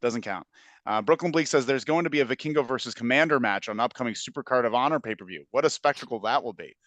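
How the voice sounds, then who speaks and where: A man in a middle pitch co-hosting a podcast, reading listener comments aloud and tossing in jokes. He laughs easily and keeps a loose, casual manner. His voice is close and dry, with no room echo. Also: quick pace, fairly bright tone. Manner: laughs often, jokey, reads comments aloud. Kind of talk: casual chat.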